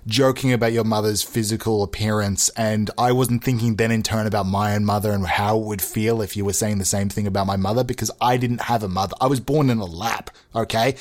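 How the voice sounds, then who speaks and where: A man hosting a podcast, delivering a rambling, self-mocking comedic monologue into a microphone with mock sincerity. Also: fairly low pitch. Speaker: podcast host.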